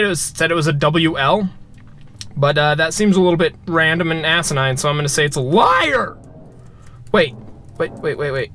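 A man doing let's play commentary on a game, excitable and joking, yelping at scares and talking to his viewers. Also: high-pitched. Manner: excitable, yelps and shouts at scares. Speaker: gamer.

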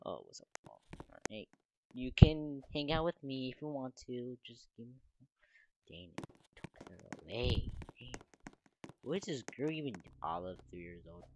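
A teenage boy rambles through casual gameplay commentary, his voice jumping all over the place and cracking as he bursts out loud. The home mic recording carries a clear layer of background noise. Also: medium pitch, measured pace, low-quality recording. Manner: rambling, excitable, sudden loud outbursts. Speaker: gaming video creator.

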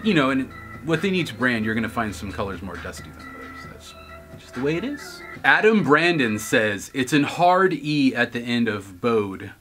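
A man's voice: mid-range voice, sing-song, moderate pace, a bit bright, faint music behind. A man hosting his own video, reading viewer comments aloud and answering with wisecracks and laughs. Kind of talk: casual chat.

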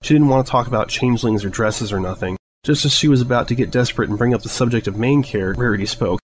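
A man narrating a fan story aloud in a steady, even reading voice. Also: mid-range voice, fast talker, rough recording. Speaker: fanfiction reader. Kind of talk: audiobook narration.

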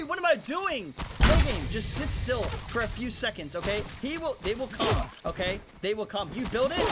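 High-voiced man hyping his gameplay. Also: heavy background noise. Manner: animated, swings between low muttering and loud shouts at players. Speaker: gaming YouTuber hosting hide and seek. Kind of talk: excited gameplay commentary.

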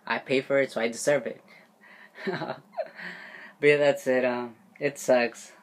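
A man's voice: mid-range voice, steady tone, a little slow. Guy vlogging a rant, swears a ton, laughs it off, kinda indignant. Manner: profane, indignant, laughs often. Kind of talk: casual vlog rant.

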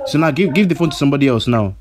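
A man's voice: medium pitch, lively intonation, racing, background noise, natural voice. A prank caller voicing a hot-headed male kidnapper who stammers and repeats himself, his threats escalating. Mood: furious. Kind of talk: prank phone call.

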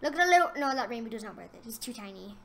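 Gamer girl narrating her game, high bright voice, hyped trash talk then mumbly little asides. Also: rapid-fire, vocal fry, slight background noise. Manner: excitable, trash-talks opponents, drops to mumbled asides. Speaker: gaming channel host. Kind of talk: casual gameplay commentary.

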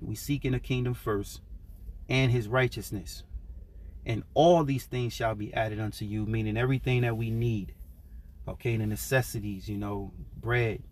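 A man teaching scripture in a relaxed, conversational way, drawing out and repeating key words for stress. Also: on the low side. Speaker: preacher.

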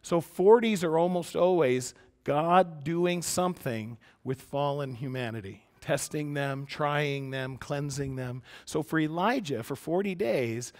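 A man preaching a conversational sermon to a congregation, moving between emphatic points and quiet, soft-spoken asides, picked up by a church microphone. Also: fairly high pitch, measured pace. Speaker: pastor. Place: church sanctuary before a congregation. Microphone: church sound system microphone.

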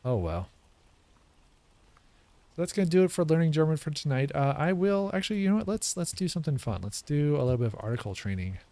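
A man's voice: fairly high pitch, big pitch swings, fast, dark tone, no echo. A man thinking aloud as he practices a language he is learning, guessing at words and correcting himself as he sounds them out. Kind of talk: casual think-aloud commentary.

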